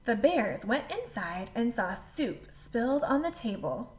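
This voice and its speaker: A woman reading a picture book aloud to a child, with animated delivery and asides to the listener. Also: on the high side, measured pace. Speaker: storyteller.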